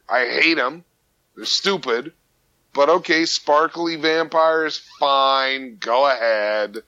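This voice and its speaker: A man, a voice actor, chatting casually on a podcast, animated and playful, slipping into mock anger and quick voices. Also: on the high side, highs cut off. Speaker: voice actor guest.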